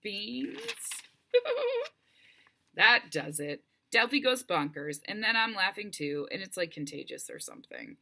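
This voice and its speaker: A woman narrating a first-person audiobook with expressive, wryly humorous storytelling. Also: on the low side, normal speed, few pauses.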